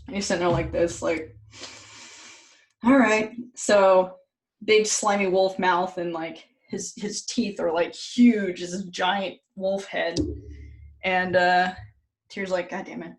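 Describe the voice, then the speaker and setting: A woman's voice: lowish voice, little pitch movement, slow pace. Jokey woman telling a story casually. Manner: loose and jokey, with fillers and profanity. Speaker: podcast host.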